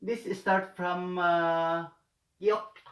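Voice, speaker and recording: A man gives a slow language tutorial, pausing often and repeating himself as he explains each step. His voice sits a bit high for a man. The sound carries a noticeable room echo. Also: fairly even intonation, fairly bright tone, a little hiss or hum. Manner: hesitant, many fillers and repeated words. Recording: echoey room.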